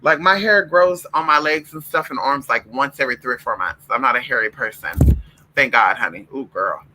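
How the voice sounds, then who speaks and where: A man's voice: mid-range voice, brisk, sharp tone, slight background noise, rough recording. A man chatting casually to his viewers in a sassy, campy, profane way, calling them girl and honey and breaking off to fuss at his dogs. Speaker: vlogger. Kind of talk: casual livestream chat.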